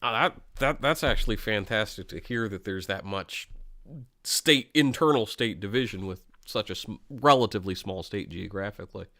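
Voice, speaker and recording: A man hosting a casual online chat with a bright, forceful voice. He asks curious, enthusiastic questions. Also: fairly low pitch, normal speed.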